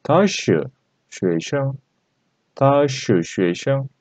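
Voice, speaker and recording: A man teaching a language lesson, repeating phrases and pausing on fillers as he explains. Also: medium pitch, lively intonation, darkish tone, no echo. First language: Turkish. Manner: halting and repetitive, many fillers. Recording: dull lo-fi recording.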